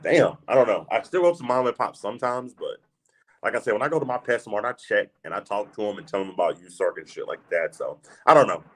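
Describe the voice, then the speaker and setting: A man's voice: fairly low pitch, fairly bright tone. A man hosting a casual livestream chat about reptiles, laid-back, swearing freely and calling everyone "man". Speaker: podcast host.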